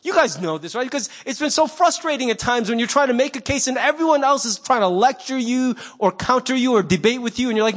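A man preaching a sermon as pastor, conversational and animated, acting out little quoted voices. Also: very high voice, quick pace, hardly any pauses.

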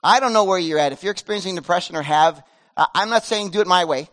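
A man in his fifties preaching a casual, earnest sermon as pastor, swinging between loud pleading and hushed softness. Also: high-pitched, quick pace. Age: 50s.

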